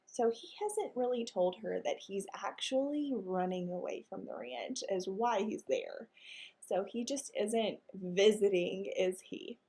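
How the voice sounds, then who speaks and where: A woman reading a children's chapter book aloud and pausing to explain it patiently to young listeners. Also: medium pitch, gravelly, mellow, husky.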